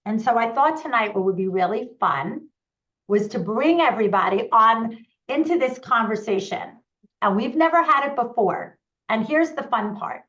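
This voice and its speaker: A woman hosting a live online conversation as a parenting coach, upbeat and eager, rattling off points in quick runs. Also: fairly high pitch, animated, a bit bright, dull audio.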